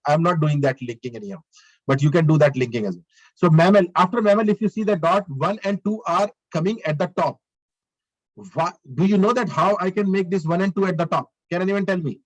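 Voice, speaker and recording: A man's voice: fairly high pitch, dull audio. A male lecturer giving a live online coding lesson. He talks through each step as he works, repeats his phrases and asks the class questions.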